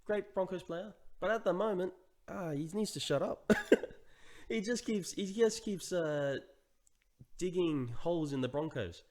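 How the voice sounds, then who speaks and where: A man co-hosting a casual sports podcast, animated and quick to laugh. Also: high-pitched. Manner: animated, laughs often, says "mate". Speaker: podcast co-host.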